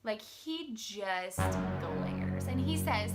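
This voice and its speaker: A woman teacher telling a story to the camera in a chatty, animated way, full of filler words. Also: mid-range voice, normal speed, over loud music.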